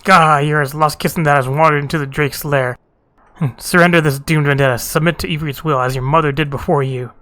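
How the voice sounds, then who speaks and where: A man's voice: a little high, fairly even intonation, fairly quick, pushed and bright. A man voicing a fanatical lizard-man priest of a fire god, speaking in a grandiose, mocking way.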